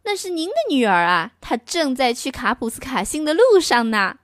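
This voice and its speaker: A woman voicing a calm, matter-of-fact librarian in a storybook read-aloud. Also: sits high, normal speed, no room sound, clean studio sound.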